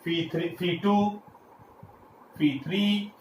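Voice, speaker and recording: Male lecturer, a touch higher voice, talks through steps with fillers; roomy recording with light hiss. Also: extremely slow. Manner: explains step by step with frequent fillers and restarts. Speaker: engineering lecturer. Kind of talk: classroom lecture. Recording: echoey room, faint background hiss.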